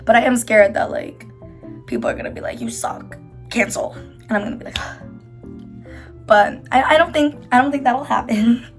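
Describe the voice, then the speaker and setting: Rambling young woman, higher voice. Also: normal speed, pauses often, faint music behind. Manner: rambling, filler-heavy, self-reassuring; doing her makeup while talking. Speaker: YouTuber. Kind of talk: casual confessional chat to camera.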